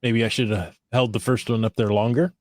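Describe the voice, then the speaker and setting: A man's voice: mid-range voice, little pitch movement, fairly quick, no room sound, clean studio sound. A man hosting a casual podcast chat, talking loosely with restarts and easy laughter. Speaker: podcast host.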